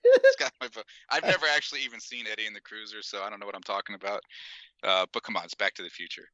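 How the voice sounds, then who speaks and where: A man's voice: on the low side, wildly swooping pitch, fast, a bit bright, no room sound, dull audio. A slightly tipsy man on a podcast panel, talking loosely and mocking himself. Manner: loose, self-mocking, laughs easily. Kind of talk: casual podcast chat.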